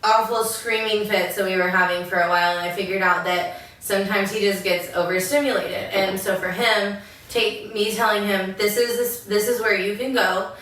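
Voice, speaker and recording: A woman's voice: mid-range voice, fairly even intonation, normal speed, a bit bright. A young adult woman co-hosting a podcast, talking earnestly and reflectively in casual chat. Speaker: podcast co-host. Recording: echoey room, mic far off.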